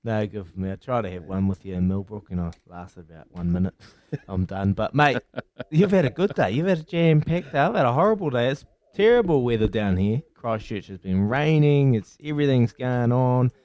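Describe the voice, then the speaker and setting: A man's voice: mid-range voice, lively intonation, fairly quick, few pauses, darkish tone, dry recording, lo-fi sound. A man in his thirties with a New Zealand accent co-hosting a radio sports show, chatting in a friendly, matey way. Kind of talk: casual radio sports chat.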